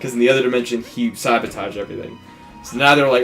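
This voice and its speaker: A man's voice: medium pitch, fast, faint music behind. A man hosting a let's play, casually retelling a movie plot with acted-out quotes and some swearing. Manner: animated storytelling, acting out quotes, swearing, laughing. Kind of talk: casual movie recap over gameplay.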